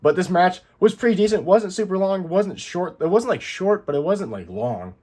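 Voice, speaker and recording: A young man casually reviewing a wrestling show, rambling excitedly with lots of asides. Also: high-pitched, normal speed, breathy edge. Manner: excited, rambling recap with many "I'm like" asides.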